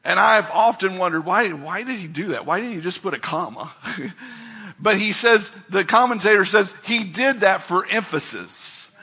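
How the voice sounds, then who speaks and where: High, husky-voiced preaching man. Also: normal speed. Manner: emphatic preaching, swings from loud calls to quiet asides. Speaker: pastor. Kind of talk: sermon.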